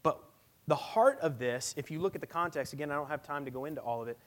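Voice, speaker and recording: A man's voice: on the high side, fast talker. A man in his thirties, a pastor giving a conversational, emphatic sermon with personal stories.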